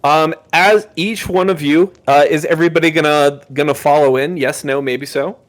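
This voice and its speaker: A man's voice: a little high, steady tone, normal speed. A man running a tabletop game as game master, narrating with many ums and restarts. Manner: hesitant, filler-heavy narration with many restarts.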